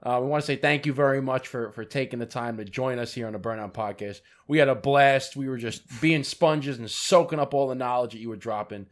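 A man's voice: medium pitch, a little fast, hardly any pauses. A man hosting a podcast, upbeat and effusive, laughing along and thanking his guest. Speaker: podcast host. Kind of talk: casual interview.

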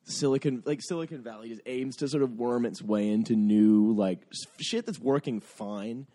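A man with a mellow, dark-toned voice chats loosely on a comedy podcast. He rambles through his stories, full of filler words. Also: mid-range voice, moderate pace. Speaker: podcast host. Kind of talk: casual comedic chat.

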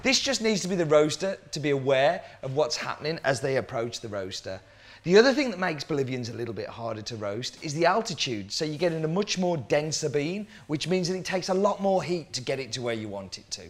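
A man's voice: on the high side, very animated, fairly quick. A man working as a coffee roaster, explaining cupping scores and roasting, talking through questions aloud as he goes.

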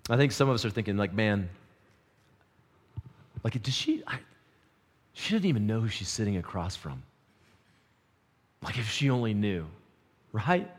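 A man preaching a sermon, shifting from loud urgent peaks to quiet intense lows, with casual slang. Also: sing-song, measured pace, long pauses.

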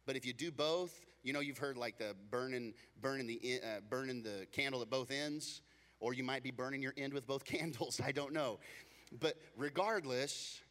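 A man's voice: mid-range voice, normal speed, a bit bright, in a large hall. A man preaching a sermon as a pastor, casual and joking, slipping into acted voices to tell everyday stories.

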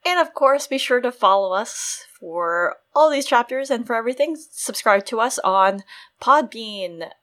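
A woman's voice: fairly high pitch, lively intonation, measured pace, fairly bright tone. A woman co-hosting a podcast, chatting casually and eagerly thinking aloud. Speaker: podcast co-host.

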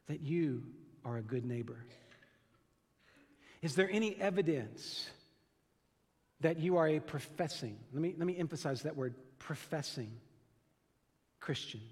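Pastor, male, high voice, earnest emphatic preacher, stresses key lines slowly, long reverb in a church sanctuary. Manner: earnest, emphatic preaching with slow stressed phrases and frequent repeated words. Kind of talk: sermon.

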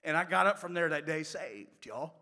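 A man preaching a sermon, telling stories in a folksy way and moving from loud passages to hushed ones. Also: on the high side, lively intonation, normal speed. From West Virginia. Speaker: pastor. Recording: long hall reverb.

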